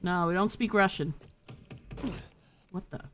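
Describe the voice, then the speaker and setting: A woman's voice: fairly low pitch, unhurried, slight background noise. A woman giving casual, playful live commentary while streaming a game, swearing freely and chatting with her viewers. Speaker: gaming streamer.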